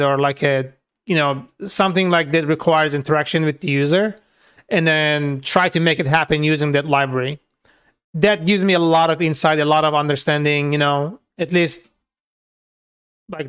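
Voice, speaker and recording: A man's voice: on the high side, a bit bright, clear, resonant tone. A man talking loosely through a live coding session, with many filler words and casual swearing. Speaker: software developer streaming his coding work.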